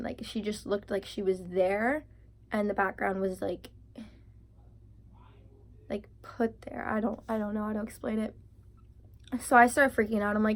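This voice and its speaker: A woman in her twenties telling a storytime vlog, animated and full of "like", acting out her own panicked lines. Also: medium pitch. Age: 20s. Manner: heavy use of filler "like". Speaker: vlogger.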